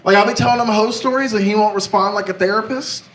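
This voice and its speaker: A young man performing a stand-up set, brash and confessional, talking in an animated way. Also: high-pitched, fast talker. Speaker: stand-up comedian. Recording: roomy echo, mic far off, noisy.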